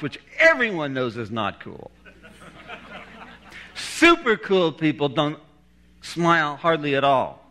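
A man's voice: mid-range voice, sharp tone. A middle-aged man preaching a sermon, telling a story with humor and laughing at his own jokes.

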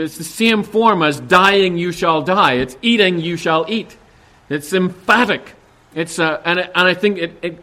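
A man preaching a sermon, emphatic and animated, acting out the quoted lines and often restarting his words. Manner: animated, acts out quoted voices with rising pitch.

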